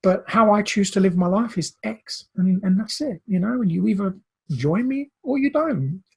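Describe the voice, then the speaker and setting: Brazilian-born man, earnest recovery coach, husky, slightly high voice, emotional storytelling. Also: expressive, normal speed. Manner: earnest, repeats words, voice wells up.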